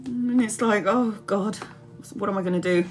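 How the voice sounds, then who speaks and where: A woman's voice: mid-range voice, normal speed, over music. Chatty woman rambling on a live stream. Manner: rambling, chatty, laughs often, reads out comments. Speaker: tarot reader hosting a live stream. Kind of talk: casual live-stream chat.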